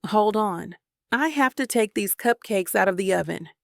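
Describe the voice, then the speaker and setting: Gravelly woman narrating a romance audiobook. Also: mid-range voice, expressive, normal speed, no room sound, studio quality.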